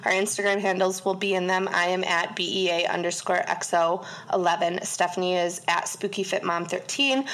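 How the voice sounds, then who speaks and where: A woman's voice: fairly low pitch, a bit bright. A woman co-hosting a podcast in casual chat, giggly, swearing freely and saying "like" a lot. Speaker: podcast co-host.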